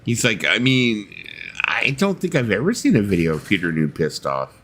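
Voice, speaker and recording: A man's voice: fairly low pitch, wildly swooping pitch, moderate pace, a bit bright, a little hiss or hum. A man co-hosting a casual chat among friends, playful and rambling, often restarting his sentences. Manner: playful, often restarts and fills in with "you know".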